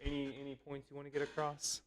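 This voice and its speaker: A man's voice: on the high side, completely flat delivery, quick pace. Playful man streaming from home. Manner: playful, laughs often, talks baby-talk to his dog. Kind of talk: casual live stream chat and reading aloud. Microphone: desk microphone.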